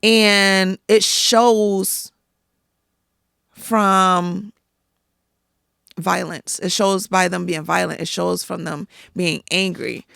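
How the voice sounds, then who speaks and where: A woman guest on a podcast, telling personal stories in a lively, emphatic way and acting out what others said. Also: lowish voice, very slow, vocal fry, pauses often, clear, resonant tone, no room sound, studio quality. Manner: animated, emphatic storytelling with acted-out quotes. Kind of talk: casual interview storytelling.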